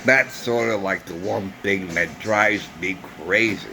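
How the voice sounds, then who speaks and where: A man's voice: lowish voice, measured pace, very noisy. A man talking through a personal grievance in a vlog monologue, earnest and repetitive, sometimes searching for words. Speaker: vlogger.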